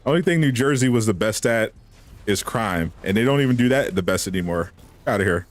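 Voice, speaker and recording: A man's voice: fairly low pitch, lively intonation, brisk. A man chatting casually on a live stream, answering viewers with teasing banter and frequent laughs. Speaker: gaming streamer.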